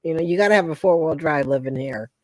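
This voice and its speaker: A woman's voice: low voice, no room sound. A woman in her sixties from Pennsylvania, chatting emphatically as host of a casual live talk. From Pennsylvania, USA. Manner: chatty, emphatic, quick to laugh along. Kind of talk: casual chat.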